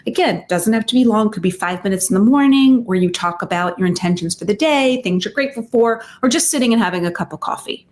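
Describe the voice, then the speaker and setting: A woman, a psychotherapist and relationship expert, giving advice in an interview, in an animated way, full of fillers and acted-out quotes. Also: medium pitch, quick pace, few pauses.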